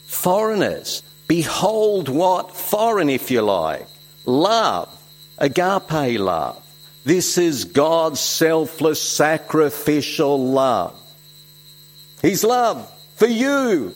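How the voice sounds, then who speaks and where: A man from Switzerland, preaching a sermon with emphatic exclamations and soft asides. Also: fairly high pitch, huge pitch swings, extremely slow, rough recording. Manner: emphatic, swings between loud exclamations and soft reflective asides.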